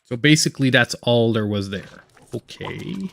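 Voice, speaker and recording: A man's voice: medium pitch, lively intonation, normal speed, vocal fry, fairly bright tone, slight background noise. A man with a Canadian accent giving casual, rambling let's-play commentary as a gaming channel host. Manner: rambling, filler-heavy chatter.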